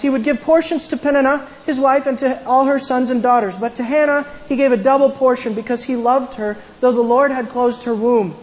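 A woman's voice: sits high, darkish tone, in a large hall, poor audio. A woman casually retelling a Bible story as a sermon, with conversational asides and frequent restarts. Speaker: Bible teacher.

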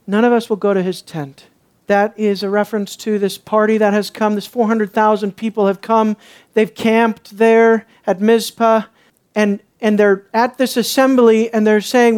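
Guy preaching a sermon, fired up, keeps asking the crowd questions, drops quiet then gets loud again. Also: high-pitched, little pitch movement, moderate pace, clean tone. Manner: impassioned, rhetorical questions, swings between hushed and emphatic; sarcastic when mimicking others. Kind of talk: expository sermon.

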